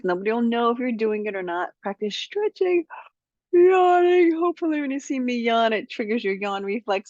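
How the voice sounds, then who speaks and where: A woman's voice: lowish voice, no echo, highs cut off. A woman who coaches public speaking, giving an upbeat, direct tutorial to camera.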